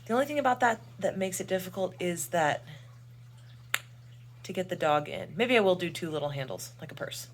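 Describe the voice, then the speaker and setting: A woman's voice: lowish voice, lively intonation, brisk, rough recording. A young woman casually narrating a sewing vlog in a chatty, self-deprecating way. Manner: chatty, self-deprecating, coos at her dog. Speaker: crafting vlogger.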